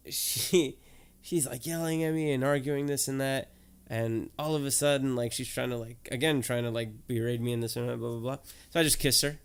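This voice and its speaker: A man, a podcast co-host telling stories in casual, swearing, animated chat. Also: medium pitch, creaky, clear, resonant tone.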